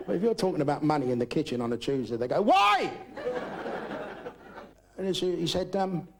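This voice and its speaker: Gravelly, foul-mouthed older comic. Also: male voice, on the high side, animated, fast. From Britain. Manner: crude, rambling, swears constantly. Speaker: stand-up comedian. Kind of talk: live stand-up routine. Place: live comedy club. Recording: noisy live recording.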